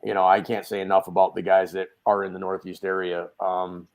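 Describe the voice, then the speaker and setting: A man, a guest on a video call podcast, telling stories in a loud, casual way and acting out the quotes. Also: low voice, brisk. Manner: animated storyteller, acts out quotes, swears casually. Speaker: guest, dent repair tech. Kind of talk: casual storytelling chat.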